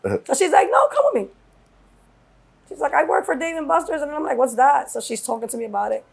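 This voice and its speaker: A middle-aged woman from New York, a guest telling stories in a casual interview, acting out quotes with lively swearing. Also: sits high, fast, gravelly. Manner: animated storyteller acting out quotes, heavy cursing. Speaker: guest, mother of a rapper.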